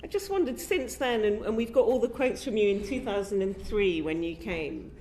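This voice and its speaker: A woman committee member asking a witness questions in a chatty, proud, warm manner. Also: medium pitch, lively intonation, normal speed, roomy sound, slight background noise. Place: committee room.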